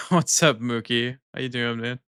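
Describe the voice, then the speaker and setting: Bright-voiced American man chatting on stream. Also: mid-range voice, fairly even intonation, measured pace, clean tone, no room sound, clean studio sound. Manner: chatty, reads chat aloud, laughs often. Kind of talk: casual live-stream chat.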